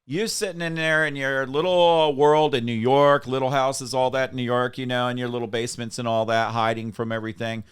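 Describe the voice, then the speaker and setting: A man's voice: mid-range voice, flat delivery, fairly quick, hardly any pauses, clear, resonant tone. Emphatic ranting podcast host, a man. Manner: emphatic, ranting, tells anecdotes. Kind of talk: casual political podcast talk.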